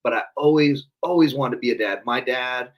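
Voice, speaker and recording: A man's voice: medium pitch, brisk, far from the mic. A man speaking earnestly and candidly in a casual podcast conversation.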